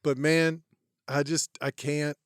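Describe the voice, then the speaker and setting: Comedian dude with a smooth, slightly high voice, rambling and swearing, dry mic. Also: male voice, level tone, takes it slowly, no echo. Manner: rambling, stammering restarts, swears, laughs. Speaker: podcast co-host, comedian. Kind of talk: casual comedic banter.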